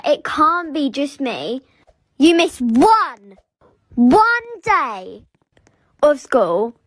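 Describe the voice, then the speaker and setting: A woman narrating relatable everyday complaints with an exasperated, expressive delivery. Her voice sits high and swings widely in pitch. The recording is dry and close. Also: no echo.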